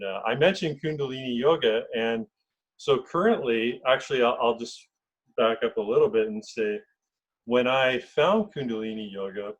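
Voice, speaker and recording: A man hosting a casual conversation, speaking reflectively and earnestly with a husky voice. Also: mid-range voice, rough recording. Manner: reflective, earnest, frequent "you know".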